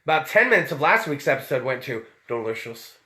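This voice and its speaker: A man's voice: medium pitch, sing-song, a little fast, pushed and bright. A man hosting a live-streamed show, talking in a loose, tipsy, heavily profane way. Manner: rowdy, tipsy, swears a lot. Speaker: podcast host.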